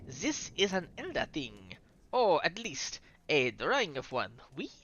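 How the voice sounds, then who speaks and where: Pompous French scientist, slow and lecturing, lively pitch, put on by a reader. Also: highs cut off, a little hiss or hum.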